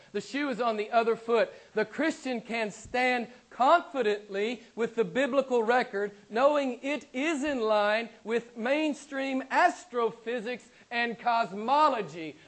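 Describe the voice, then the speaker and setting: Emphatic high-voiced male preacher. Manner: emphatic, repeats key phrases; moves between loud emphasis and low quiet asides. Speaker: pastor. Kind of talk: sermon. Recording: live church sermon.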